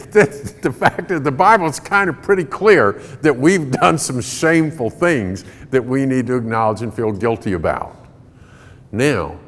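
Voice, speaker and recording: A man answering parenting questions before a live audience, folksy and emphatic, laughing often. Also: medium pitch. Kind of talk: conversational Q&A talk to a live audience. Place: large hall in a building. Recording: long hall reverb.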